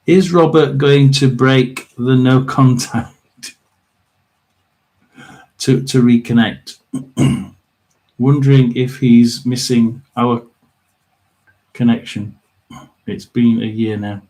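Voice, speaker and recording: A man hosting a casual livestream tarot reading, talking to viewers in a rambling, chatty way with lots of fillers and throat clearing. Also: mid-range voice, steady tone, slow pace, long pauses, darkish tone. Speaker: tarot reader and livestream host.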